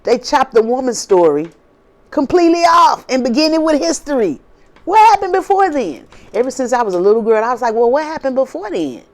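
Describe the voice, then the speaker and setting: Woman, casual video monologue, preachy, repetitive, informal drawl, animated pitch. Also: brisk. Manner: preachy, repetitive, rhetorical questions. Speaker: spiritual video host.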